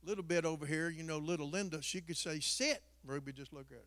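A man's voice: fairly high pitch, steady tone, fast talker, long reverb tail. A man preaching, telling a folksy story that builds to an emphatic point. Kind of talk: sermon illustration, storytelling.

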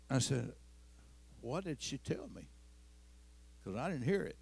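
A man preaching a sermon as pastor, moving between quiet storytelling and loud, climbing declarations. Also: medium pitch, big pitch swings, measured pace, creaky, pauses often, husky. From Missouri. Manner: swings from soft storytelling to loud, rising preaching.

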